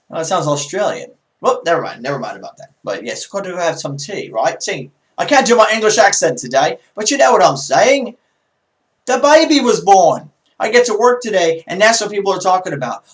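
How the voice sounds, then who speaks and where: High-voiced man on a ranting rant. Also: very animated, normal speed, a bit bright. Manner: emphatic, ranting, rhetorical questions. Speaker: political video blogger. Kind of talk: casual political rant to camera.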